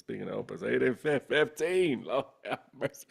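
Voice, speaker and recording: Gravelly man giving a spiritual talk. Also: mid-range voice, very slow. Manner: animated storyteller, laughs often, drops to soft near-whispers. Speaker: spiritual teacher leading a satsang. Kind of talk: casual spiritual talk to a group.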